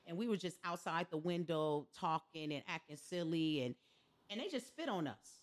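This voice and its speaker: A woman's voice: low voice, moderate pace. A woman hosting a podcast, talking casually and telling stories with quoted asides. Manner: conversational, animated storytelling with quoted asides. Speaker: podcast host. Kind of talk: casual chat.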